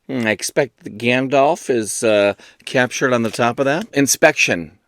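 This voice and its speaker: A man's voice: mid-range voice, moderate pace, fairly bright tone. A man hosting a book video, rambling and joking at his own expense in casual chat. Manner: rambling, self-mocking and jokey. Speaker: booktube host.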